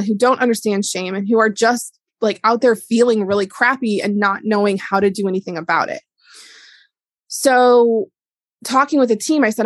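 A woman's voice: mid-range voice, no echo. A middle-aged woman and wellness educator talking candidly and casually in a solo monologue, with lots of "like". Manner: candid, chatty, heavy use of "like". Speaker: wellness educator and business owner.

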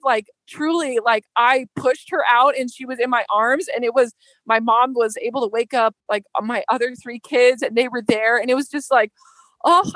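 Casting: American woman, higher voice, heartfelt, chatty, dry close sound. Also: a bit bright, no echo, poor audio. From United States. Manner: emotional, heartfelt, many fillers. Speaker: podcast guest. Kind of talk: casual storytelling.

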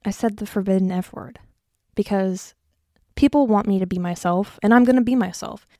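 A young woman hosts her own podcast from her basement, chatting casually on her own in a medium-pitched, dark-toned voice at a moderate pace. She's self-mocking, swears freely and sounds short of breath, and the studio-quality audio has no echo.

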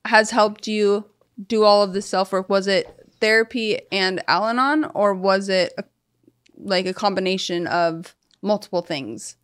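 A woman's voice: mid-range voice, a little slow, a bit bright, clean tone. A woman hosting a podcast, asking the guest curious, direct questions. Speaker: podcast host. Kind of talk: interview questions.

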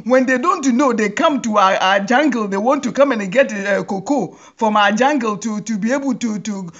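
A woman's voice: on the high side, normal speed. A woman hosting a humorous commentary monologue, teasing and laughing often. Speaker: podcast host. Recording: dull lo-fi recording.

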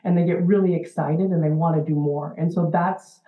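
A woman's voice: low-pitched, fairly even intonation, brisk. A woman in her forties, a special-needs educator, explaining earnestly in an interview with frequent fillers. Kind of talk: interview answers. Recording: tinny phone-like line in an echoey room.

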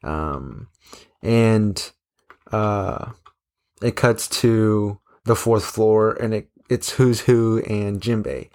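A man's voice: lowish voice, very slow, a little mellow. A man casually recapping a comic chapter, rambling with lots of fillers and restarts. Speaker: manga chapter reviewer. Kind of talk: casual recap, reading quotes aloud.

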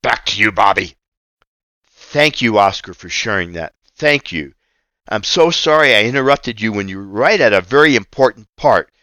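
A man's voice: on the low side, animated, normal speed, bright, forceful tone, no echo. A man hosting a Christian radio talk show, preaching in an emphatic way and repeating key phrases. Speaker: radio ministry host.

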